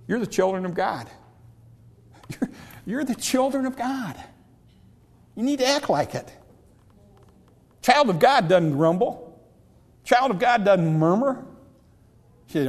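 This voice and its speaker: A man's voice: fairly high pitch, darkish tone. A preaching man in a reverberant hall. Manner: emphatic preaching with repetitions and restarts. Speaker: pastor. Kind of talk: sermon.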